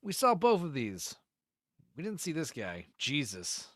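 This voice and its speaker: A man's voice: on the high side, wildly swooping pitch, measured pace, fairly bright tone, slight background noise. A man hosting a comedy podcast, making sarcastic, mocking remarks about the videos he watches. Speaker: podcast host. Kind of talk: casual comedic riffing.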